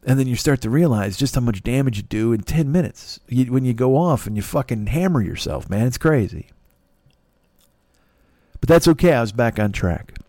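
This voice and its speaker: A man's voice: mid-range voice, expressive, normal speed, dark tone, no echo, clean studio sound. A man hosting a podcast who talks through a long confessional monologue, swearing often and rambling with many restarts and self-deprecating asides. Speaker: podcast host.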